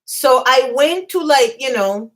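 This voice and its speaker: A woman's voice: high-pitched, takes it slowly. Chatty woman telling funny stories. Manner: animated, self-mocking, laughs at herself. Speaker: channel host. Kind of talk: casual storytelling to live chat.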